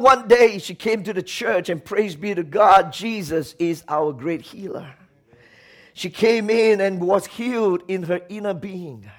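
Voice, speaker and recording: A man preaching a sermon with passion, swinging between shouted lines and hushed ones. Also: high voice.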